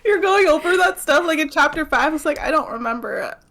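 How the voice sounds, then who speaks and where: A woman's voice: high-pitched, lively intonation, a little fast, a bit bright. A woman in a casual book club chat who laughs often and sounds unsure of the plot.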